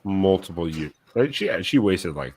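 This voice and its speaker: A man co-hosting a casual livestream chat, blunt and profane, talking in quick bursts. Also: deep voice, animated, darkish tone, husky. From United States. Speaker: co-host.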